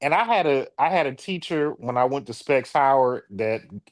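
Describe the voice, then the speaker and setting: A man's voice: medium pitch, moderate pace, dry recording. A Detroit man co-hosting a podcast in casual chat, telling stories and slipping into playful voices. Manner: storytelling, animated, swings into playful voices. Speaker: podcast co-host.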